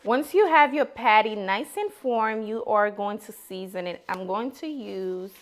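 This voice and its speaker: A woman's voice: medium pitch, animated, a little slow. Chatty woman hosting a cooking video. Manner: chatty, talks straight to viewers as "you guys". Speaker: cooking channel host. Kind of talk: casual cooking tutorial.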